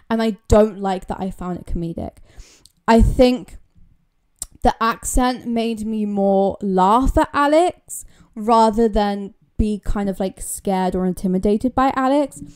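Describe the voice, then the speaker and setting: A woman's voice: medium pitch, darkish tone, clear, resonant tone. A young British woman talking casually to her viewers, chatty and emphatic, repeating words for stress. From Britain. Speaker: YouTuber. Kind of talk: casual commentary vlog.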